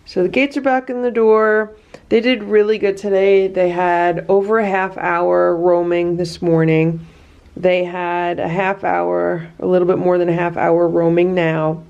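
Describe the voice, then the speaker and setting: Gravelly-voiced woman chatting about her cats. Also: on the low side, flat delivery, a little slow, a little mellow, lo-fi sound. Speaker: cat rescue vlogger. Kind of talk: casual narration to camera. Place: home indoors.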